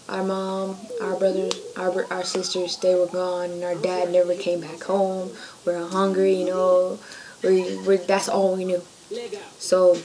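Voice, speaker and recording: A woman's voice: on the low side, rough recording. A young adult woman vlogger recounting a personal childhood story in a casual, slangy, emotional way. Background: background music.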